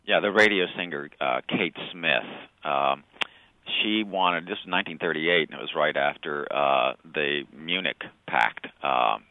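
A man telling anecdotes as a guest on a radio interview, halting at times with fillers. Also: rumbling low, narrow, tinny audio, slight background noise.

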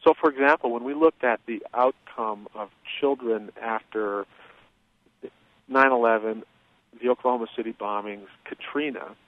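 A man being interviewed as an expert, explaining at a measured pace with many fillers and restarts. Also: medium pitch, no echo. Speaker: guest expert on childhood trauma. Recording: tinny phone-line sound.

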